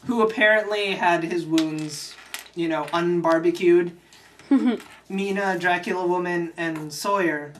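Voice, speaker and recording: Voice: mid-range voice, fairly bright tone. A young adult channel host casually recapping a movie, rambling and swearing often. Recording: distant mic with faint hiss.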